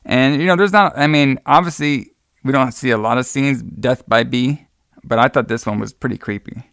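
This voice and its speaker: A man with a gravelly, creaky edge recaps a movie in a rambling, easygoing chat, laughing and swearing as he goes. His voice sounds dry and close to the mic, with no room around it. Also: medium pitch, normal speed, fairly bright tone, no room sound. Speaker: podcast co-host.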